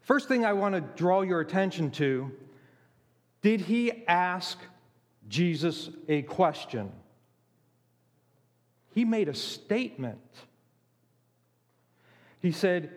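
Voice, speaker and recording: A man preaching a sermon, emphatic, with dramatic pauses and acted-out quotes. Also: high voice, big pitch swings, long reverb tail.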